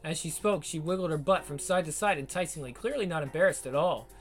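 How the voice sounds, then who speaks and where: A man narrating an audiobook in a steady storytelling read. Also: on the high side, fast talker. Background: faint guitar music.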